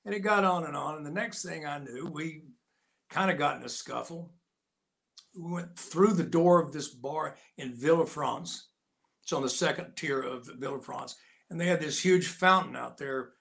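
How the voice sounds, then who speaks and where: A man's voice: fairly high pitch, moderate pace, creaky. Older man spinning folksy war stories. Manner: folksy, animated anecdote-telling. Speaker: interview guest, actor and Navy veteran. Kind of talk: casual storytelling in an interview.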